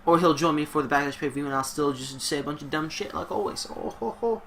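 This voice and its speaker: A man's voice: a little high, fairly even intonation, fast, a bit bright. A man giving casual, rambling gameplay commentary on his own, profane and joking, with asides to his dog. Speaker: video game commentator.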